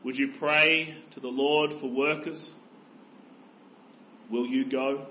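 A man's voice: medium pitch, steady tone, takes it slowly, lo-fi sound. A man preaching a sermon as pastor, earnest and exhorting, pressing his listeners with rhetorical questions.

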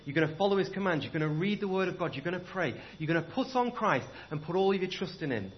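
A man's voice: on the high side, highs cut off. A man preaching a sermon, impassioned and repetitive, telling stories to make his point.

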